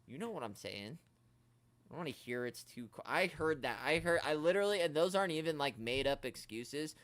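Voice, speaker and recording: Male streamer, higher-pitched, dry close sound, animated joking rants. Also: moderate pace, no room sound. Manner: animated, joking rants, quotes others in mock voices. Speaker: toy collecting channel host. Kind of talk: casual livestream chat.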